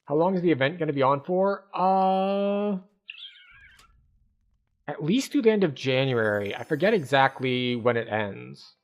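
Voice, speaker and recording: Relaxed man narrating his gameplay. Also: fairly high pitch, measured pace. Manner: relaxed, thinking aloud with fillers. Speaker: game streamer. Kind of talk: casual gameplay commentary.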